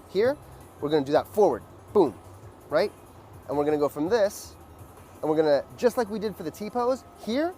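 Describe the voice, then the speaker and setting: A man with a slightly high voice teaches a dance in a loose, chatty way. He fills his talk with "like" and "right?" and marks the beats with sounds like "boom." Faint music plays behind him. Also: a little mellow. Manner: loose, filler-heavy explaining with beat sounds like "boom". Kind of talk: casual dance lesson.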